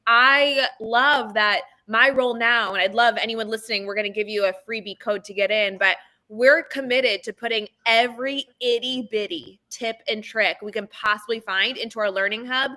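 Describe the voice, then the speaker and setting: A woman's voice: fairly high pitch, fairly even intonation, bright, forceful tone. A woman education podcaster in a casual panel chat, bubbly and chatty. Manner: bubbly, fast-talking, chatty. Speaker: education podcaster and course creator.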